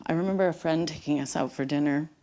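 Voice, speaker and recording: A middle-aged woman telling a personal story live on stage to an audience, dramatic and swinging from loud bursts to hushed whispers. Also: deep voice, quick pace. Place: theater stage before an audience.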